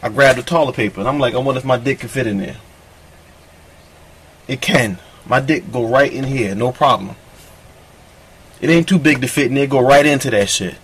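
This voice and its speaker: A man's voice: mid-range voice, moderate pace, pauses often, slight background noise. A man doing a crude comedic monologue, telling a rambling, profane story in a boastful tone.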